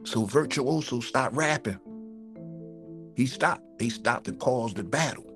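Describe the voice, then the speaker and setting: A man, co-hosting a podcast and telling a long story in an animated way, repeating words and swearing freely. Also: mid-range voice, measured pace, music in the background. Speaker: podcast co-host. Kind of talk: casual storytelling chat.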